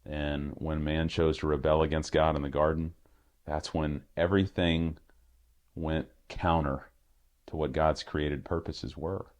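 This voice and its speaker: A man's voice: very deep voice, little pitch movement, a little slow, darkish tone. A middle-aged man, a pastor, giving an earnest, heartfelt personal testimony in an interview, with frequent restarts and filler words.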